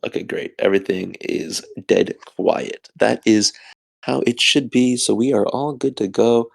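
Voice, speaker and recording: A man's voice: fairly low pitch, measured pace, gravelly. A young man on a podcast, rambling sleepily to himself in a repetitive solo monologue. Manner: sleepy, repetitive self-talk. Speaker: podcast co-host.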